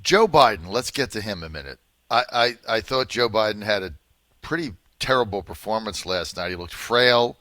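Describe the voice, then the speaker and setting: A man's voice: fairly low pitch, lively intonation, moderate pace, bright, forceful tone, dry recording. A man hosting a political talk radio show, speaking in an emphatic, punchy way.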